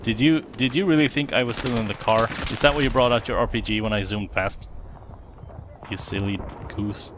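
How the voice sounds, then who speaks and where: Rambling man over loud game gunfire. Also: medium pitch, quick pace, few pauses, background noise. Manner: rambling, self-correcting, chatty. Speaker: let's play commentator. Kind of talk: casual gameplay commentary. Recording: game audio behind voice, gunfire and vehicles. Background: game gunfire and explosions.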